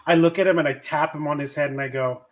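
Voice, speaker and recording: A man's voice: a little high, fairly even intonation, fast talker. A man playing a tabletop game, talking casually and bluntly, with some swearing. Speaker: player.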